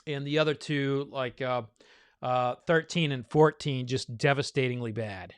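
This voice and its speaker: A man talks casually and rambles with plenty of fillers, a little winded from all the talking. His voice is smooth and clear at a middling pitch. The sound is dry and close, with no room echo. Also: measured pace. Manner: rambling, loose, thinking aloud with many fillers. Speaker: bourbon reviewer hosting a blind tasting. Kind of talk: casual live tasting chat.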